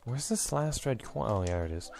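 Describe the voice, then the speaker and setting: A man's voice: mid-range voice, expressive, fairly quick, gravelly, a little mellow. A young man hosting a let's play, rambling and reminiscing through his commentary with lots of fillers, a bit out of breath.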